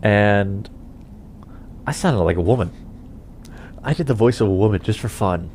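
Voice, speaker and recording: A young gaming channel host chats casually while playing, rambling with chuckles and plenty of fillers. His fairly low, darkish voice has lively intonation at a moderate pace, with slight background noise.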